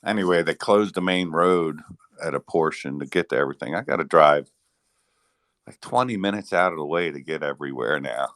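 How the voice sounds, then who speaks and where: Man with a very deep, dry voice. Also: a little fast, fairly bright tone, no echo. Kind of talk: casual chat in an online audio room.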